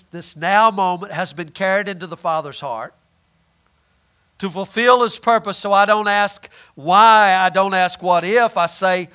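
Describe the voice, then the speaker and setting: A man's voice: high voice, sharp tone. A man preaching a conversational sermon, often repeating words and asking his listeners questions.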